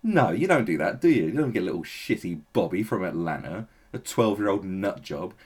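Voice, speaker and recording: A man with a fairly low, husky voice delivers a blunt, profane political rant. His pitch swings widely as he talks, and his tone stays sarcastic and opinionated throughout. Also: very animated, normal speed, few pauses, a little mellow. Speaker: political commentator. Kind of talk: ranting opinion commentary.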